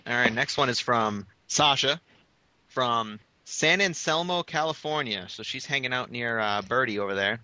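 Bright-toned wry man reading listener notes. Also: mid-range voice, animated, normal speed, no echo, low-quality recording. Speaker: podcast co-host reading listener responses. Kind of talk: casual chat.

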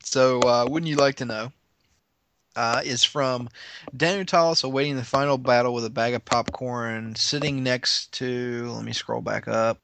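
A man's voice: medium pitch, fairly even intonation, a little slow, gravelly, fairly bright tone, no echo. A man co-hosting a podcast in casual chat, laughing often and reading listener responses aloud. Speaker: podcast co-host.

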